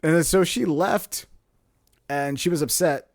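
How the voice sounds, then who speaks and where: A young man co-hosting a podcast, telling a story in a casual, animated way and laughing often as he acts out what people said. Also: on the high side, unhurried, dry recording, studio quality. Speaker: podcast co-host.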